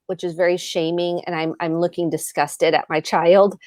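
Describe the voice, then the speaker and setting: A woman's voice: lowish voice, steady tone, moderate pace, darkish tone, no room sound, studio quality. A woman therapist on a video call, explaining earnestly and acting out example phrases as she goes. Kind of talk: video chat advice talk.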